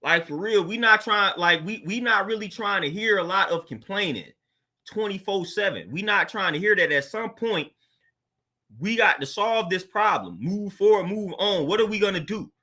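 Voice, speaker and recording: A man's voice: high-pitched, lively intonation, normal speed, bright, forceful tone. A man hosting his own show, talking casually in a laid-back, slang-filled monologue and laughing often. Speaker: podcast host.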